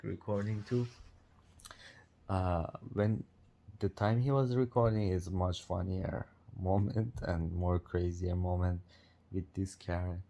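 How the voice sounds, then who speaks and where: A man's voice: low voice, gravelly, warm tone. A man telling a story in a casual chat, chuckling between lines and speaking English with non-native grammar. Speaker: vlogger.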